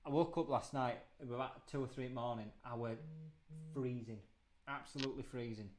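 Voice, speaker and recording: A man's voice: mid-range voice, fairly even intonation, fairly quick. Teasing man in his thirties. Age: 30s. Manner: teasing, laughs often, rambling anecdotes. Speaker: host. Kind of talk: casual chat on a video call. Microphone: video call.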